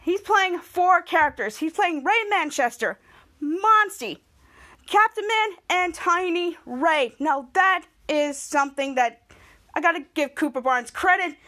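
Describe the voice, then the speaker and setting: High-voiced woman recapping a show. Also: animated, unhurried, sharp tone. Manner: chatty and upbeat, acts out the characters' lines while retelling. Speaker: podcast host. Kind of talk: casual episode recap.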